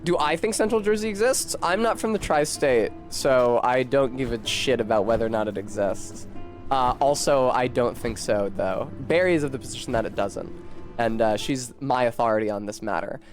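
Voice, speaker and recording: A man's voice: medium pitch, moderate pace, faint music behind. A talkative man with a Philadelphia-tinged accent, chatting casually and info-dumping while streaming a game, swearing now and then.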